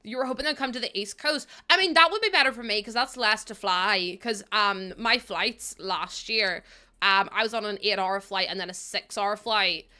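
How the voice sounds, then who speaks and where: A woman's voice: medium pitch, normal speed, bright, forceful tone. A woman streaming a game, chatting with viewers in a rambling, laughing way. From Ireland. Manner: rambling, chatty, laughs often, talks to chat. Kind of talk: casual livestream chat while playing.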